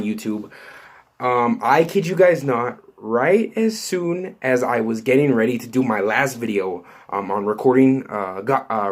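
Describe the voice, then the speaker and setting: A man talking straight to his viewers, buzzing with excitement and tripping over his words. His voice sits at an ordinary pitch, and his talk is loose and full of ums and restarts. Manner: excitable, rambling, many fillers and restarts. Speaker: YouTube host. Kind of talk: excited casual vlog commentary.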